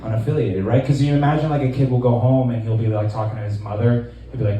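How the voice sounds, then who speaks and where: A man in his twenties doing a stand-up set in a small club, deadpan and rambling, with lots of fillers. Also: mid-range voice, fast talker, few pauses, heavy reverb, recorded from a distance, rough recording. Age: 20s. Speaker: stand-up comedian.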